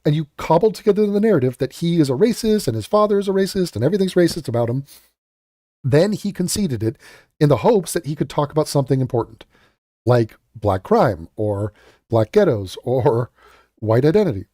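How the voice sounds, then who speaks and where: Male reaction host, mocking and sarcastic, swings his pitch a lot, warm dry sound. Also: big pitch swings, fairly quick, no room sound. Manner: sarcastic, mocking, swears, mimics others. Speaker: commentary host. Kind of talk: reaction commentary.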